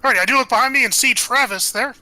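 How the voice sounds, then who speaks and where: A man playing a tabletop game, describing his character's moves quickly and eagerly. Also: very high voice, sharp tone, dry recording, rough recording. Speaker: player.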